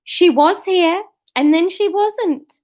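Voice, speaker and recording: A woman's voice: very high-pitched, takes it slowly, a little mellow, voice pushed up. A woman putting on a fluting, fretful assistant. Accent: campy put-on English comic voice. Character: browbeaten petrified female assistant.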